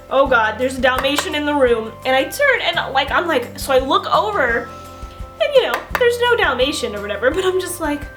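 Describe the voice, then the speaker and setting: Chatty young woman, bright voice. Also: high voice. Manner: animated storytelling, casual and giggly. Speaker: beauty vlogger. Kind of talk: chatty makeup tutorial.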